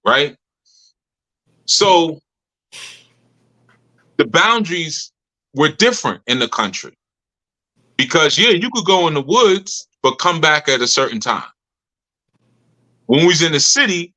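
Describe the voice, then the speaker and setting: Man, bright and fairly high voice, laughing storyteller talking casually to his community. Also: very animated, unhurried, pauses often, rough recording. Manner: laughs often, loose colloquial storytelling. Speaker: community leader speaking to members.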